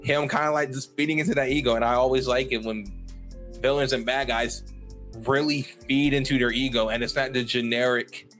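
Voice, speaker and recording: A man hosting a solo podcast in casual chat, rambling with lots of fillers and quick apologies. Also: medium pitch, steady tone, a bit bright, soft background music. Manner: rambling and self-interrupting, heavy on fillers and apologies. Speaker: podcast host.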